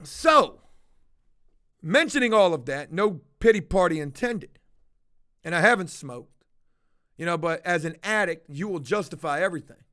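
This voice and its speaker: A man's voice: sits high, animated, normal speed, long pauses, bright, forceful tone. A man livestreaming to his viewers, telling a confessional story in a blunt, profane, casual way. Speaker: livestreaming vlogger.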